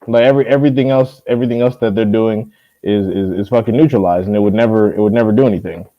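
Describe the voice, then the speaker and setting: A man's voice: fairly low pitch, fast, dry recording, dull audio. A man hosting a casual chat, telling stories with profanity and frequent laughs. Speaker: podcast host.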